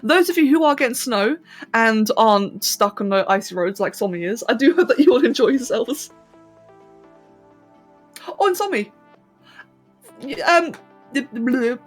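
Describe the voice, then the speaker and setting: A chatty English woman with a slightly high voice talks her way through a live stream as she sculpts a 3D model. She laughs easily and stumbles over her words, with faint music under her voice. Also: animated, normal speed, long pauses. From London, England. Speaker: streamer and 3D artist. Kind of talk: casual live-stream chat while modelling.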